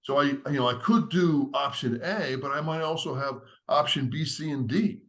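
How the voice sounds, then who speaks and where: A podcast guest who is a leadership author earnestly explains a step-by-step framework in conversation, teacherly and well structured. He speaks with a fairly high, fairly bright voice at a moderate pace.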